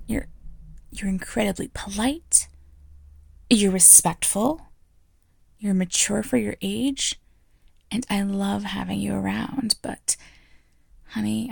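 A woman voicing a frank, playful teacher in an audio role-play, teasing and quick to laugh. She speaks slowly with a strongly gravelly, fried texture. The sound is close and dry, with no room around it. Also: medium pitch, a little mellow, dry recording, heavily acted. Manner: teasing, blunt, laughs often.

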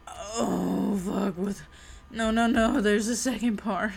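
A young woman in an intimate solo audio monologue, breathy and out of breath, sighing and swearing. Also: mid-range voice, fairly even intonation, slight background noise. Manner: breathy, swearing, drawn-out sighs.

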